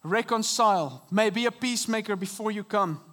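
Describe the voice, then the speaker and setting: A man preaching a sermon from a church stage into a microphone, earnest and dynamic, with sudden soft drops and emphatic rises. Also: high-pitched, fairly quick. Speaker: pastor. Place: church auditorium.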